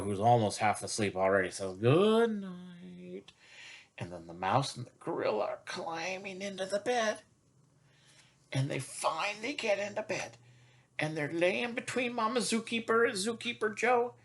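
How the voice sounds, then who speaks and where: A woman reading a picture book aloud to young children in a gentle, sing-song storytelling manner. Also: medium pitch. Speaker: storytime reader.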